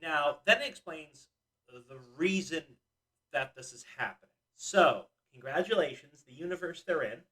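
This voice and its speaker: A man's voice: fairly high pitch, animated, measured pace, sharp tone. A young man co-hosting a casual podcast chat, asking pointed questions and making arguments. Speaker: podcast co-host. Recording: voice a bit far from the mic.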